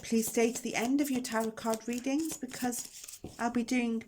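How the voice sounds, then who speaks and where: A woman with a fairly high, darkish voice, fairly even intonation, and moderate pace runs a casual tarot reading for her channel, with slight background noise. She chats emotionally and directly to her viewers, recorded indoors on a camera mic.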